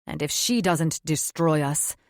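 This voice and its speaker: A woman's voice: low voice, unhurried, no echo, studio quality. A woman voicing a burly, tusked male demon in an audiobook, grim and uneasy.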